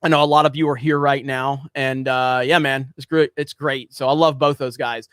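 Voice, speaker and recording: A man's voice: mid-range voice, flat delivery, moderate pace, fairly bright tone, clean tone, dry recording, studio quality. A man hosting a casual livestream, rambling with lots of fillers as he reads out viewer messages. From United States. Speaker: livestream host reading super chats.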